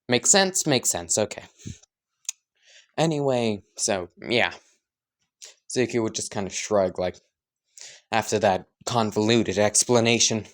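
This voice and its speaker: A man's voice: lowish voice, unhurried, long pauses. A man casually improvising and narrating a fan story, rambling, joking and correcting himself.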